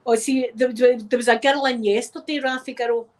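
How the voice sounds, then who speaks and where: A woman's voice: a little high, steady tone, moderate pace. A middle-aged Scottish woman with a sore throat, chatting casually to her viewers and laughing often as she tells stories. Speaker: YouTube vlogger. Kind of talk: rambling casual chat to viewers.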